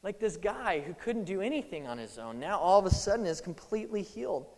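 A man preaching a sermon, casual and animated, acting out scripture scenes in little voices. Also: high voice, fairly quick. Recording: long hall reverb.

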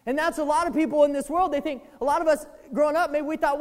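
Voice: high voice, fairly even intonation, quick pace, in a large hall. A preacher giving a sermon in a casual, conversational way, often asking the listeners "right?" and acting out the inner voices of the people being quoted.

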